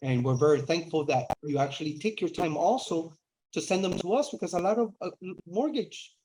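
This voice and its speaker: Earnest man with a fairly high voice. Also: brisk, a little mellow, poor audio. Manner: earnest, rises in pitch and speeds up when emphatic. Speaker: credit repair company CEO. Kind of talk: casual interview conversation.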